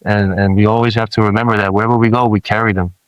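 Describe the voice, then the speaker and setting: A low-pitched man from Samoa speaks as a podcast guest, earnest and reflective, circling back and restarting his thoughts. The sound is close and dry, with no room around it. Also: level tone, fast talker, smooth, no room sound, highs cut off. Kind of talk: candid podcast conversation.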